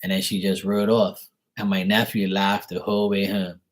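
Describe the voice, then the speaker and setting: A man with a somewhat low voice tells a story in a loose, rambling way. He talks like a live tarot reader chatting to viewers, and his speech is slangy and packed with "like" and "you know". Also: flat delivery, normal speed, rough recording. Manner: rambling, slangy, heavy use of "like". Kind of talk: casual storytelling.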